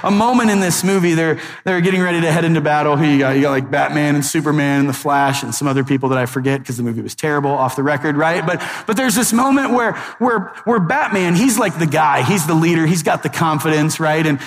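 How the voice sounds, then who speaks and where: A male pastor preaching a sermon in a lively, conversational way with joking asides. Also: a little high, fast talker, few pauses, faint music behind. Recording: echoey hall.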